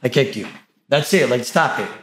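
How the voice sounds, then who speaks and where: A man's voice: medium pitch, lively intonation, normal speed, a bit bright, echoey room. A young man from Brooklyn, New York, a streamer bantering with strangers on video chat in brash, teasing slang and roasting them bluntly.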